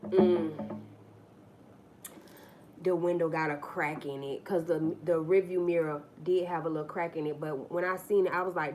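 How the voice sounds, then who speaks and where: A woman's voice: deep voice, steady tone, moderate pace, darkish tone, slight background noise. Blunt, profane woman telling stories live. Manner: blunt, profane, talks straight to viewers; acts out the people in her stories. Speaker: livestream host. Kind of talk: casual live-stream storytelling.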